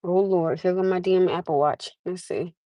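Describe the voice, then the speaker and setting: A woman hosting a live stream, chatting casually with her viewers and rambling, drifting into quiet muttering. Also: lowish voice, steady tone, moderate pace, dry recording, rough recording. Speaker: livestream host.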